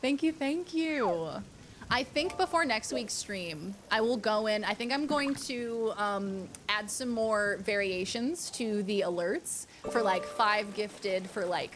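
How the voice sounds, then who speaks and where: A woman's voice: medium pitch, slow, fairly bright tone, slight background noise. A woman streamer chatting casually and thanking viewers in a bubbly, talkative way. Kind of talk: casual live-stream chat.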